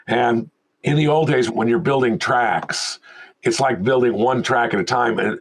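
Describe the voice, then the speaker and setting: Husky older man telling war stories. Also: mid-range voice, low-quality recording. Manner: animated storyteller who acts out quoted voices. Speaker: guest, veteran film sound mixer. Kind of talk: casual interview storytelling.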